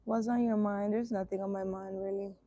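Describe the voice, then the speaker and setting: A woman energy healer chatting casually outdoors, answering viewer comments aloud in an unhurried way, her throat irritated so her voice keeps catching. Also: medium pitch, level tone, warm tone, dry recording, lo-fi sound. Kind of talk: casual live chat. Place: outdoors in the sun, birds around.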